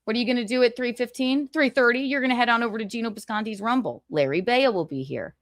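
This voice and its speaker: Talking fast in a slightly high voice, a woman runs a laid-back pop-culture gossip livestream. She giggles, chats, and mentions being exhausted with weary asides; there's no room sound.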